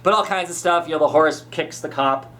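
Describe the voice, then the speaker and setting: A man's voice: fairly high pitch, brisk, a bit bright, a little hiss or hum. A man hosting a podcast, chatting casually as he recaps a comic, full of fillers and restarts. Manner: rambling, many fillers and restarts. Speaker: podcast host.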